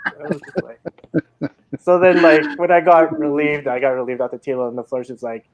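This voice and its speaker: A man's voice: on the high side, quick pace. A man, a casino dealer, telling stories hesitantly with many fillers. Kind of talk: casual storytelling on a live stream.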